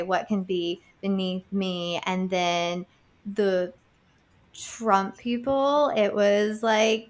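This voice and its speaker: Chatty woman, rambles on, lots of like and you know, mid pitch. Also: fairly bright tone. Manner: talkative, rambling with many likes. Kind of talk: casual conversation.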